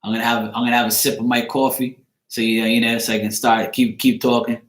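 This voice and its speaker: A man's voice: medium pitch, little pitch movement, fast talker, echoey room. A man with a Bermudian accent, a tarot reader chatting casually on a live stream, greeting viewers by name and swearing freely.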